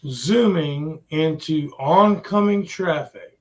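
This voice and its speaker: A man's voice: a little high, animated, slow pace. A man hosting his own gaming channel, ranting profanely and with exasperation while he plays. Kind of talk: ranting gameplay commentary.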